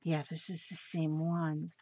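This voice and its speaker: A woman on a crafting channel shows off mailed gifts in a casual show-and-tell, gushing and exclaiming, though her low, dark voice is delivered completely flat at a measured pace. There's no room sound, and the home recording is slightly dull with faint noise.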